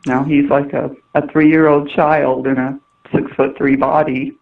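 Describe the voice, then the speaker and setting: A woman's voice: low voice, level tone, measured pace, creaky. A middle-aged woman, a mother appearing as a guest, speaking emphatically and pleadingly in a phone-in interview. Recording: tinny phone line, distant.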